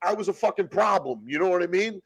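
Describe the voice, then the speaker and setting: Gravelly, profane man telling stories. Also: sits high, lively intonation, fast. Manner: profane, blunt street slang. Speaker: podcast guest. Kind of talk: casual storytelling.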